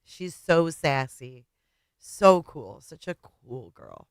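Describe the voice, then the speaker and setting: A woman hosting a livestream and talking casually to her viewers, tearful, halting and often trailing off quietly. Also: low voice, very animated, clear, resonant tone, dry recording. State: tearful, voice breaking. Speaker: livestream host.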